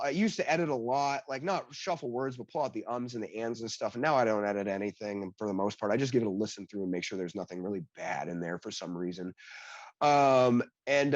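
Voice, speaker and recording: A man being interviewed as a developer, telling animated stories in casual chat, acting out quoted dialogue and leaning on "like" fillers. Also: medium pitch, dry recording, dull audio. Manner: heavy use of "like" fillers. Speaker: guest, blockchain developer.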